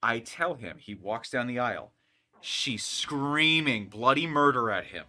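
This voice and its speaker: A mid-range male voice at a measured pace belongs to a co-host telling a relaxed story about work as he plays a game. He brings the story to life by acting out its people with animated energy.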